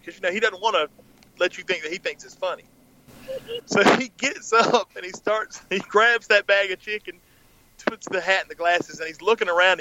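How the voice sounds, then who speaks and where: Bright-voiced man telling stories. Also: high-pitched, dull audio, slight background noise. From Southern US. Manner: animated storyteller, laughing often. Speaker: podcast co-host. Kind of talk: casual storytelling chat.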